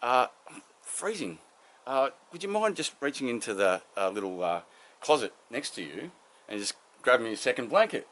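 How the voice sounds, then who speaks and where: A man's voice: mid-range voice, sing-song, moderate pace, fairly bright tone. A man playing a naive, eager bloke who talks politely and cheerfully. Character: simple, eager middle-aged bloke, cheerfully clueless.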